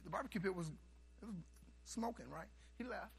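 A man preaching a sermon, telling a story and swinging from hushed asides to loud, animated bursts. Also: sits high, normal speed, vocal fry, breathy edge.

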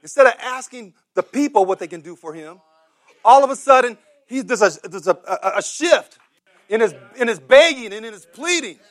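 A man preaching a sermon who acts out the voices of beggars and crowds, repeats words and builds up to shouted cries. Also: extremely high pitch, animated, normal speed.

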